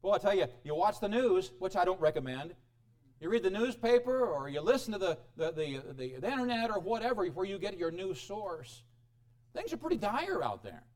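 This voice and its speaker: A man preaching a sermon as pastor, animated, swinging between loud exclamations and quiet asides. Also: sits high, moderate pace. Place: church.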